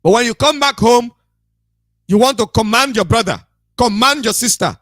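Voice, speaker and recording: A man delivers a scolding radio monologue like a preacher, repeating his points with emphasis. His voice sits very high and sounds bright and forceful. The sound is dry and close, with no room around it. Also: moderate pace, no room sound. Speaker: radio broadcaster.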